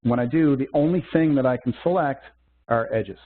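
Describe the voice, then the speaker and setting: Guy doing a software webcast demo, step by step, husky-ish voice, tinny call audio. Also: mid-range voice, moderate pace. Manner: methodical step-by-step explaining with fillers. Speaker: software instructor.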